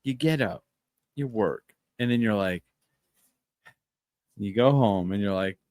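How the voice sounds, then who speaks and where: A man hosting a podcast in casual chat, excitable and telling stories in an animated way. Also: lowish voice, a little slow, no echo, clean studio sound. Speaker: podcast host.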